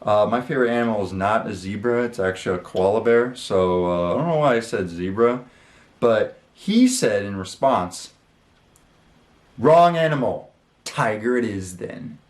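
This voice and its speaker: A man's voice: lowish voice, normal speed. Rambling man in a roomy echo. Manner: rambling, with many fillers and casual swearing. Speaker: channel host. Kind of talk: casual storytelling. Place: his room.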